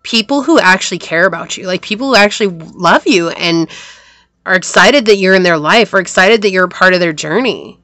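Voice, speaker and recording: A woman's voice: mid-range voice, animated, brisk, a bit bright, dry recording. A woman giving a casual tarot reading to camera, rambling and repeating phrases, with a sore throat. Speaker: tarot reader.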